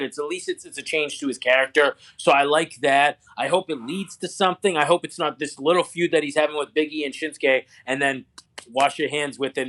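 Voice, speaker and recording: Guy cohosting a wrestling recap podcast, kinda high voice, rambles off his notes with lots of ums. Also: fairly bright tone. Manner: rambling, reads from his notes, many fillers. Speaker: wrestling show co-host.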